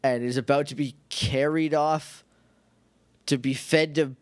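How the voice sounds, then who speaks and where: A man with a slightly higher voice co-hosts a casual podcast chat about a movie. He jokes constantly, laughs a lot and slips into quick impressions of the characters as he retells the scenes. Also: fairly even intonation. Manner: jokey, laughs often, acts out characters' lines. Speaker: podcast co-host.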